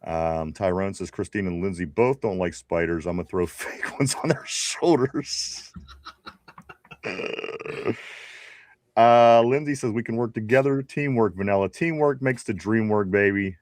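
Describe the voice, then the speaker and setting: A man's voice: lowish voice, measured pace, dry recording, clean studio sound. A man with a Pittsburgh accent hosting a casual live stream, reading viewer comments aloud with frequent laughs. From Pittsburgh area. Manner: laid-back, laughs often, reads chat messages aloud. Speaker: podcast host.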